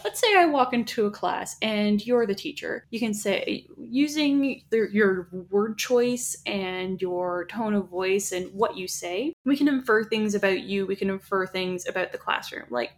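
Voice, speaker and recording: A woman's voice: medium pitch, a little slow, few pauses. Woman casually explaining stuff on a podcast, chatty, lots of restarts. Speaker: podcast co-host. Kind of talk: casual chat about writing.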